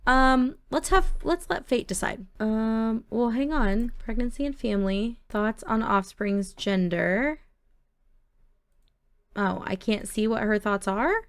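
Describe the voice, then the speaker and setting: A woman's voice: fairly high pitch, slow pace, clean tone. A woman doing casual, chatty gameplay commentary from her home office, giggling and talking to her game characters. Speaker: gaming YouTuber.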